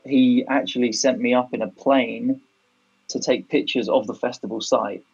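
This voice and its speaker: Gravelly young British man, hesitant. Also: mid-range voice, fairly even intonation, moderate pace, darkish tone, muffled recording. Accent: British English. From England. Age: young adult. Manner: hesitant, filler-heavy storytelling. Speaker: podcast guest. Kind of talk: casual chat.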